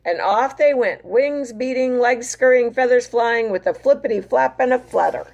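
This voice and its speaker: A woman reading a picture book aloud to children as their teacher, animated and pointing out the pictures as she goes. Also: fairly high pitch, moderate pace, gravelly, muffled recording.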